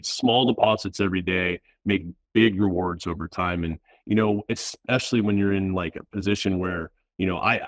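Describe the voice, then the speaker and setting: Low-pitched man, laid-back guest chatting in slang, dry close sound. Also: no echo. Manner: relaxed, uses slang and filler words. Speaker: VP of platform engineering, guest. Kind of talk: casual interview chat.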